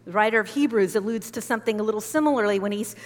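A woman's voice: mid-range voice, racing, in a large hall. A woman from the United States preaching a sermon as a pastor, conversational and emphatic, with frequent asides to her listeners.

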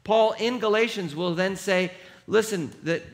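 In a high voice and at a slightly slow pace, a middle-aged pastor delivers a lively, humorous sermon. He has the congregation read aloud with him and laughs at himself.

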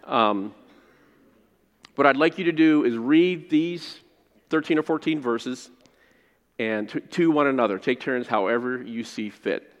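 A man preaching a sermon as pastor, reading scripture and praying, rising to loud emphasis and dropping to hushed phrase endings. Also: mid-range voice, unhurried, long pauses, lo-fi sound. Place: church sanctuary. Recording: long reverb of a large hall.

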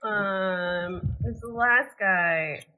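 A woman playing a tabletop game, hesitant and gentle in how she talks. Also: mid-range voice, very slow, low-quality recording. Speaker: player. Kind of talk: casual tabletop play.

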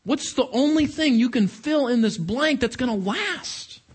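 A man's voice: extremely high pitch, lively intonation, unhurried, slightly rough. A man preaching a sermon, questioning his congregation and stressing his points. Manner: questioning the audience, emphatic.

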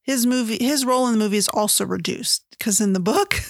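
A woman's voice: a little high, a little fast, creaky, no echo, studio quality. A woman chatting casually as a book reviewer, gushing and full of filler words. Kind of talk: casual chat.

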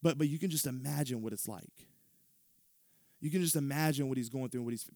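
A male pastor preaching a sermon, retelling scripture with animated storytelling and frequent restarts. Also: medium pitch, brisk, dry recording, clean studio sound.

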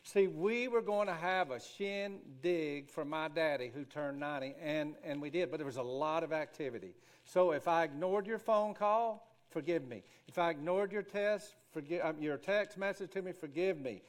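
A middle-aged man talks like a minister sharing a homespun story. He rambles and restarts often in a relaxed, folksy way, and his voice sits a little higher than most men's. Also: moderate pace, few pauses.

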